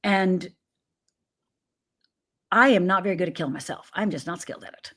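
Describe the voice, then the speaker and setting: A woman's voice: on the low side, normal speed, fairly bright tone, husky. A woman from Upper Michigan, a guest life coach, telling her personal story in an interview and acting out the voices of people in it. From Upper Michigan, USA. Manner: vivid storyteller who acts out quoted voices.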